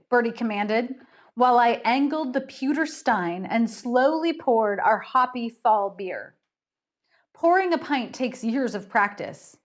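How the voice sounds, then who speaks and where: A woman's voice: a little high, lively intonation. Chatty woman reading her mystery aloud. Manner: encouraging, chatty, dramatic pauses in narration. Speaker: author reading her story. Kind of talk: casual chat and storytelling read-aloud.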